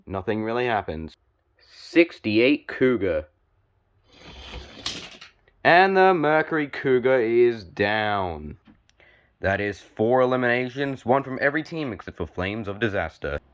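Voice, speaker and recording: A young man giving play-by-play commentary on a toy car joust, calm and measured with sudden excited spikes on big hits. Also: mid-range voice, muffled recording.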